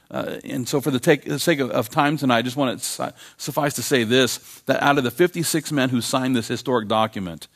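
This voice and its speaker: A man preaching a sermon as pastor, emphatic, repeating key phrases and slowing down to read quotations aloud. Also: mid-range voice. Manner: frequent fillers and restarts.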